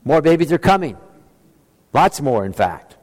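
A man preaching a sermon as pastor, earnest and reflective, with slow emphatic phrasing. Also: on the high side, big pitch swings, darkish tone. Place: church sanctuary. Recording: long hall reverb.

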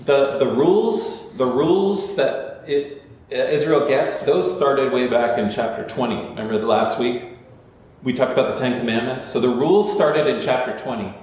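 A man's voice: medium pitch, moderate pace, a little mellow. A man preaches in a conversational, earnest way, leaning on repeated phrases for emphasis. His voice rings through a very echoey church hall with a long reverb tail. The sound is slightly dull, with faint noise behind him. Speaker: pastor. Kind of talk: sermon.

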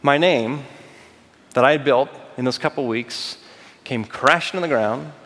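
A man preaching a sermon, telling a personal story with lively acted-out quotes. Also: medium pitch, measured pace, big-room sound. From United States. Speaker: pastor.

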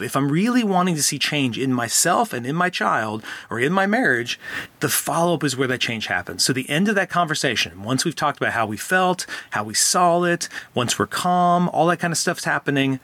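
Bright-voiced man co-hosting a parenting podcast. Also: fairly high pitch, sing-song, moderate pace, no echo. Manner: earnest, repeats words as he thinks aloud. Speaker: podcast co-host, counselor. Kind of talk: casual podcast chat.

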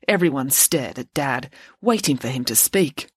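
A woman hosting a podcast and reading her own children's book aloud, relaxed and chatty. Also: extremely low pitch, normal speed, breathy edge, no room sound, clean studio sound. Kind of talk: bedtime story reading.

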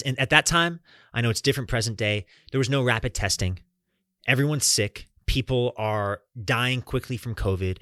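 Young guy telling his own story on his podcast, kinda low voice, talks right to "guys", swears a bit. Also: bright, forceful tone, dry recording, studio quality. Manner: earnest, talks straight to listeners as "guys"; swears casually. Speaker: podcast host. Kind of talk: personal storytelling monologue.

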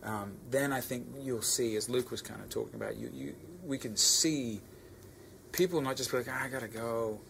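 A man's voice: medium pitch, normal speed, creaky, fairly bright tone, a little hiss or hum. A man with an Australian accent, a musician giving an earnest backstage interview answer, searching for his words as he goes. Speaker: musician guest. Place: backstage at a concert venue.

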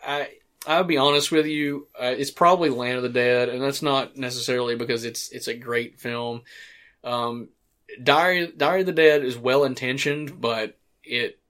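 A man's voice: mid-range voice, steady tone, moderate pace, fairly bright tone. Rambling male podcast host. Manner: rambling, frequent restarts and fillers, casual swearing. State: hiccups. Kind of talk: casual movie commentary.

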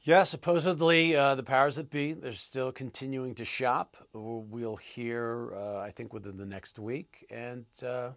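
A man answering interview questions as an actor guest, halting and thoughtful with many pauses. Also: medium pitch, fairly even intonation, fairly bright tone, dry recording.

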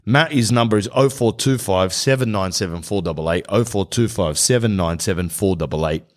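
A man's voice: on the low side, brisk. A man hosting a podcast, rambling in slangy comic monologue and reading an ad. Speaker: podcast host. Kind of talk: comedic podcast monologue and host-read ad.

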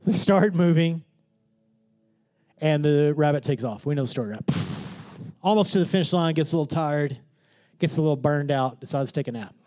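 A man preaching a sermon in church, joking with the congregation and swinging from hushed whispers to shouts. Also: a little high, moderate pace. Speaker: pastor.

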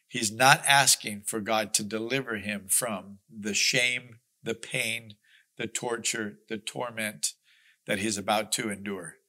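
Man, Bible study teacher, earnest and emphatic, lower-pitched, bright forceful tone, reads scripture with lift. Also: fairly even intonation, takes it slowly. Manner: earnest, emphatic, lifts his voice when reading scripture; conversational asides with small restarts. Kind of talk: Bible study reading with commentary.

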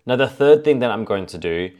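A man's voice: mid-range voice, expressive, a little fast, darkish tone. A man hosting a solo fitness podcast, talking casually and laying out his tips point by point. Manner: chatty, lists points as A and B. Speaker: fitness coach podcast host.

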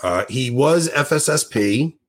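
Husky, excitable male podcast host. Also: mid-range voice, a little slow. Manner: enthusiastic, rambling, animated. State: tired. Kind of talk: casual chat.

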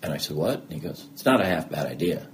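Speaking fast in a rumbling low register, this middle-aged newsman sits in as an interview guest, with slight background noise on the recording. He gets animated as he shares frank stories from his life, voicing both parties in remembered exchanges.

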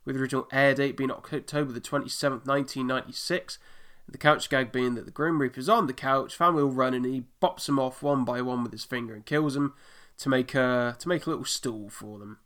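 A man hosts a laid-back podcast, chatting easily with a co-host. His voice sits at an average pitch for a man. He drops little fillers as he goes. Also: fairly even intonation, quick pace, fairly bright tone. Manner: chatty, lots of fillers like "there". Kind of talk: casual podcast chat.

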